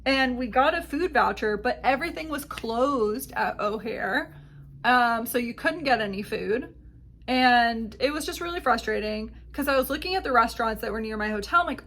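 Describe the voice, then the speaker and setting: A woman's voice: on the high side, animated, moderate pace, a bit bright. A woman hosting a podcast, telling a travel story in casual chat and acting out the exchanges she quotes. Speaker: podcast host.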